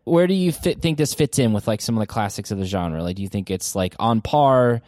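A man in his forties hosting a casual podcast, talking about a film in an animated, rambling way. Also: lowish voice, brisk, no echo, clean studio sound. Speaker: podcast host. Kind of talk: casual movie review chat.

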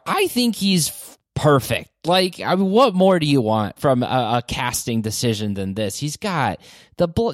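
A man hosting a casual podcast chat about movies, animated, his pitch jumping up when he gets excited. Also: dry recording, clean studio sound. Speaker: podcast host.

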